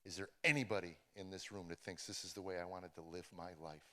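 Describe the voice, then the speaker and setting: Man telling his testimony, halting, in a reverberant hall. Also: low voice, fairly even intonation, bright, forceful tone. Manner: halting, repeats words and restarts often. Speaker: comedian giving a testimony. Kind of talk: personal testimony told to a live audience. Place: large room with an audience.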